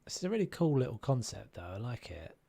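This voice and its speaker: A man's voice: mid-range voice, very animated, fast talker, creaky, mellow, husky. A man casually chatting and musing aloud while live-streaming a game, now and then humming tunes.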